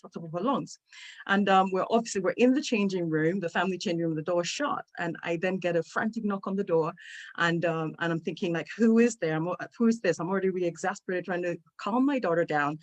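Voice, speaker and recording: A middle-aged woman, a guest speaker on an online talk, earnestly telling a personal story and repeating words when it gets emotional. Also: fairly low pitch. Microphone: video call microphone.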